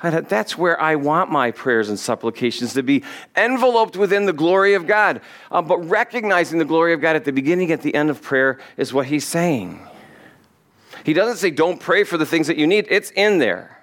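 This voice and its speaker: A man preaching a sermon in a fairly high voice. He drags out key phrases for emphasis, quotes scripture, and asks his listeners questions directly. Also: animated, moderate pace, fairly bright tone. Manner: addresses congregation directly with questions. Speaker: pastor.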